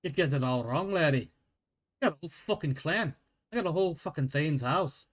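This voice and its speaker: A man voicing a gruff male dwarf guard who swears and talks in a rough dialect. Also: a little high, a little fast, close to an everyday voice. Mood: scornful.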